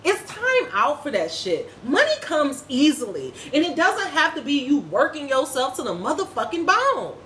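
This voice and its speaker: A woman's voice: high voice, huge pitch swings, normal speed, few pauses, fairly bright tone, a little hiss or hum. Woman spiritual reader, vlog style, profane and preachy, echoey room with faint ambience behind. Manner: blunt, profane, preachy ranting. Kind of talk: casual spiritual reading vlog.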